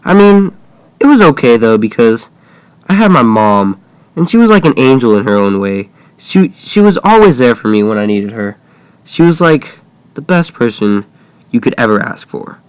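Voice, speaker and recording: A man's voice: medium pitch, sing-song, moderate pace, smooth, dry recording. A young man casually improvising a first-person horror story, with offhand, jokey asides.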